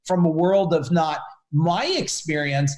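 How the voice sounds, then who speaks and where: Animated high-voiced man in a roomy space. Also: measured pace. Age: 40s. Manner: animated storyteller, addresses the host by name. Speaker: business coach guest. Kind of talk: casual podcast interview storytelling. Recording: roomy echo.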